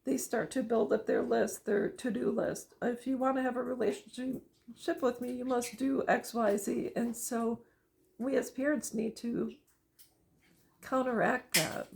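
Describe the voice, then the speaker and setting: A middle-aged woman speaks straight to her viewers with a somewhat high but gravelly voice. She tells her story with emphasis and counts off her points one by one. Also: a little mellow. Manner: emphatic, storytelling, lists items deliberately. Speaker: parent vlogger. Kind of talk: personal advice monologue.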